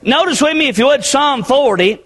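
A man preaching in a very high voice for a male speaker. His manner is folksy and plainspoken. He repeats his phrases and tags "amen" onto his points as he talks to the congregation. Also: lively intonation, normal speed, a bit bright. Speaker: pastor. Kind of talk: folksy conversational sermon. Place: church sanctuary with a congregation.

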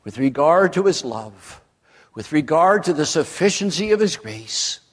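A man preaching an evening sermon to a congregation, with a slow, emphatic delivery. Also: fairly high pitch, very animated, husky, big-room sound.

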